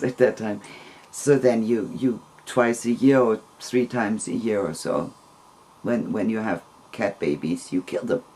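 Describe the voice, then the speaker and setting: A man telling a long personal story in a casual, rambling, gentle way, with soft laughs between phrases. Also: mid-range voice, breathy edge.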